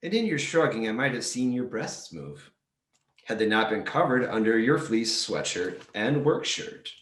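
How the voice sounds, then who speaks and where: A man of middle pitch reads comic prose aloud, dry and deadpan, yet his voice rises and falls with lively movement. A roomy echo hangs around the sound. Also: normal speed. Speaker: reader at a library storytime.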